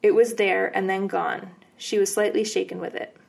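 A woman's voice: medium pitch, moderate pace, creaky. A woman co-hosting a podcast, casually recounting ghost stories with fillers and easy laughs. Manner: relaxed, rambling with fillers and laughs. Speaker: podcast co-host. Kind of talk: casual storytelling chat.

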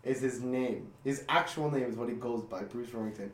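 A young man hosting a casual podcast chat, telling stories with swearing, loud impressions and frequent laughter. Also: medium pitch, brisk. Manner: animated storytelling with shouted impressions and laughter. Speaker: podcast host. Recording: echoey room.

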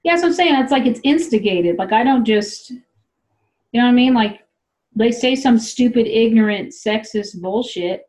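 A South Dakota woman with a fairly high, darkish voice hosts a podcast at normal speed, captured in a rough recording. She chats loosely and laughs while acting out what people say.

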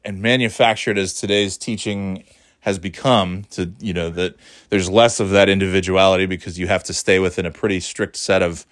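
A middle-aged man rambles through a casual monologue, swearing freely and wry about his own work. His voice sits fairly low, and the sound is close and dry with no room in it. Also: steady tone, normal speed, dry recording. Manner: rambling, profane, sardonic, with frequent restarts.

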